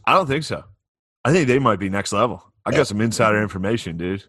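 A man's voice: on the low side, animated, fast, a bit bright, dry recording, clean studio sound. A young man, a comedian, joking and laughing in casual chat.

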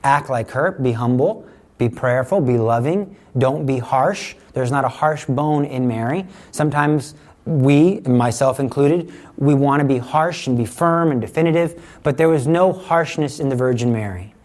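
A middle-aged man giving a conversational sermon, teaching with lively examples and acted-out quotes. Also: medium pitch, normal speed. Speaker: preacher.

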